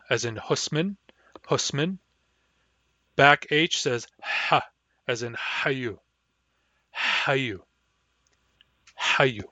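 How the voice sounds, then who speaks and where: A man's voice: mid-range voice, sharp tone, no room sound. A man giving a pronunciation lesson, explaining sounds plainly and demonstrating them aloud. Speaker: language teacher.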